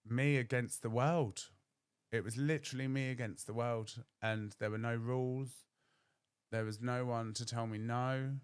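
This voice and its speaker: A man's voice: on the low side, clear, resonant tone, no echo. A young man, telling a candid personal story on his podcast and acting out other people's voices. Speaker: podcast host.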